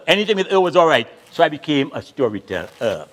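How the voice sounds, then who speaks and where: Older man, comic storyteller; lively, somewhat high voice, playful, rhythmic delivery. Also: fast, few pauses. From Caribbean. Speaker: storyteller performing at a graduation. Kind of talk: comic storytelling and dialect poetry performance.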